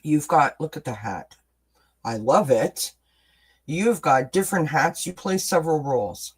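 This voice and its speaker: A tarot card reader hosts a casual live-streamed reading, chatty and encouraging, warm toward the audience and responding to chat comments. She slips in self-deprecating asides between the cards. The voice is medium-pitched, expressive, a little slow and husky, on a rough recording.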